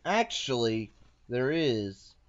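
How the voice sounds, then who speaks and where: A man's voice: mid-range voice, very animated, slow pace, lo-fi sound. A man hosting a casual card game session, playfully narrating each of his moves. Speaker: host and card game player. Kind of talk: casual chat while playing a card game.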